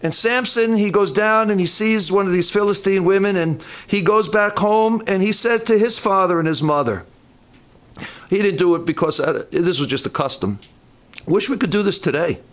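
An older male pastor delivers a folksy sermon at a church camp in a fairly high voice. He slips in humorous asides and often stumbles and restarts his phrases. His delivery is homespun and conversational.

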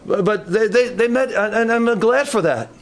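A man's voice: sits high, normal speed. Folksy older male camp preacher. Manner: folksy, humorous asides with frequent restarts. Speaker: pastor. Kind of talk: sermon. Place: church camp meeting.

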